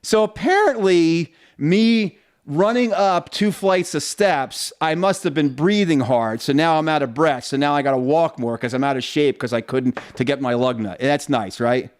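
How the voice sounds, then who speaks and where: A man's voice: fairly high pitch, moderate pace, clear, resonant tone. A man co-hosting a casual podcast from his home basement, telling rambling, joking stories. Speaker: podcast co-host. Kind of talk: casual chat.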